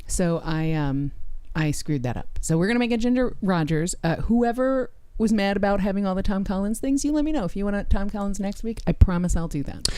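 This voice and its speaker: A woman's voice: mid-range voice, animated, brisk, few pauses, mellow, smooth, no echo. A woman co-hosting a casual livestreamed podcast, teasing and dry. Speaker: podcast co-host.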